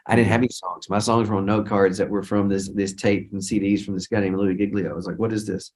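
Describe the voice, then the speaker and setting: A man's voice: fairly low pitch, little pitch movement, quick pace, a little mellow. A middle-aged man, a worship leader, telling stories in a casual interview, often restarting his sentences and quoting other people. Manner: rambling, repeats and restarts, quotes others in speech.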